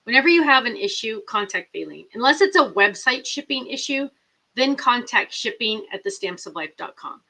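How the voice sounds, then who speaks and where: Chatty middle-aged woman host, bright voice, rambling live-chat delivery. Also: on the high side, expressive, normal speed, rough recording. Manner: chatty, rambling, reads viewer comments aloud.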